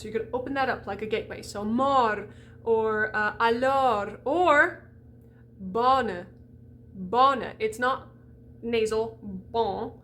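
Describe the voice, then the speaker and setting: A woman coaching singers on diction in an animated, chatty way, stopping to demonstrate each sound. Her voice sits fairly high. A faint hiss runs under the recording.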